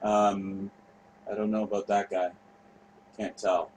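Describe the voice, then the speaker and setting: A man's voice: on the low side, little pitch movement, slow pace, a little mellow, poor audio. A man hosting a show, talking casually and off the cuff over footage. He rambles, trails off, and swears freely. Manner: rambling, profane, offhand. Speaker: show host.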